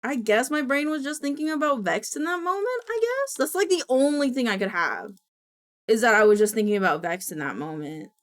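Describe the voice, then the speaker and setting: A woman's voice: on the high side, expressive, brisk. A young woman streamer chatting casually, rambling and apologetic with lots of filler words. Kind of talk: casual live-stream chat.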